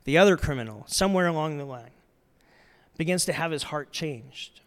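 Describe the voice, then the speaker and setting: A middle-aged male pastor preaching a sermon, telling the story earnestly, swinging from loud emphasis to soft, quiet passages. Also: fairly high pitch, lively intonation, normal speed.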